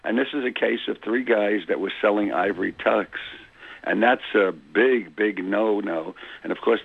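Man, New York accent, chatty city booster, husky gravelly voice, tinny phone line. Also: lowish voice. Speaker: phone-in guest, cab driver. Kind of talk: phone-in radio chat. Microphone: telephone.

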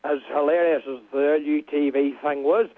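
An eighteen-year-old Donegal man rambling through a radio interview, full of restarts and local turns of phrase. His voice sits high. It comes down a tinny, narrow phone line. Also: fairly even intonation, moderate pace. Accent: Donegal Irish. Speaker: caller, interview guest.

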